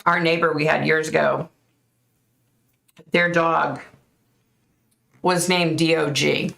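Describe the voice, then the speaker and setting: A woman's voice: low voice, fairly even intonation, slow, vocal fry, fairly bright tone. A middle-aged woman from the United States, chatting casually on a live stream as a psychic host, laughing often and thanking viewers by name. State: overheated and sweating. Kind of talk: casual live-stream chat reading comments.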